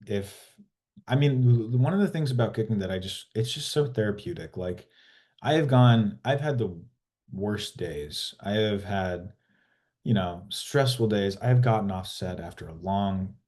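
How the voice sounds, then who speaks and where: A man's voice: lowish voice, dark tone. A man talking casually as an actor guest in an interview, rambling with many restarts and some swearing.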